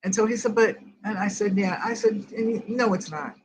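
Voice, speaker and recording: A woman's voice: mid-range voice, fairly quick, background noise. An older woman hosting a grief group, telling a personal story in a rambling way and quoting each conversation word for word. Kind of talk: personal storytelling in casual chat.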